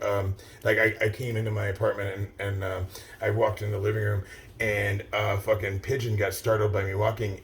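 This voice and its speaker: A gravelly, low-leaning voice belongs to a middle-aged man vlogging while standing still outdoors. His casual ramble to viewers is thick with swearing, restarts, and "like" and "uh".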